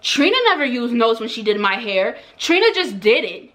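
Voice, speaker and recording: A woman's voice: a little high, big pitch swings, normal speed, fairly bright tone. A woman voicing a pushy older female salon client who lectures and nags. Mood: comparing. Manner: lecturing, nagging.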